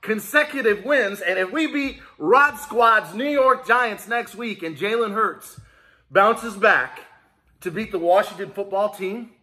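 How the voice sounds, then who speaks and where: An American man hosts his own small business vlog and speaks straight to his viewers. His voice sits high and sounds bright and ringing. He rallies the audience with hype and lets his feelings show. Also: a little slow. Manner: hyped, rallying, talks straight to viewers. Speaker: small business video host. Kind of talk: casual emotional vlog.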